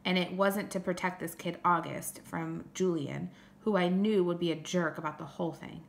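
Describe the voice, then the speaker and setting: A woman's voice: fairly low pitch, fairly even intonation, moderate pace, vocal fry, slight background noise. A woman narrating a first-person story aloud in a plain, conversational way. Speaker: audiobook reader.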